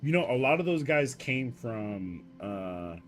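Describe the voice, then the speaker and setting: A man's voice: medium pitch, big pitch swings, slow pace, slight background noise. A tired young man rambling profanely in a casual late-night monologue, full of fillers, restarts and coughs. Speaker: streamer.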